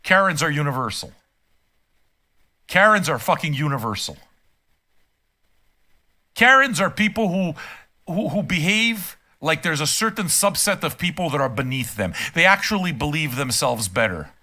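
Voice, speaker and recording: A man's voice: on the high side, very animated, moderate pace, long pauses, sharp tone. An older man streaming a reaction and ranting casually from his room, profane, emphatic and heated. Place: home room.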